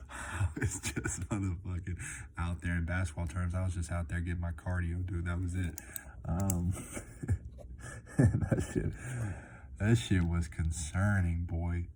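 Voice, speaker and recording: A man's voice: sits low, flat delivery, measured pace, long pauses, noisy background. A young man talking casually in a rambling vlog, laid-back and swearing a lot, tacking "man" and "dude" onto his sentences. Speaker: delivery driver vlogger.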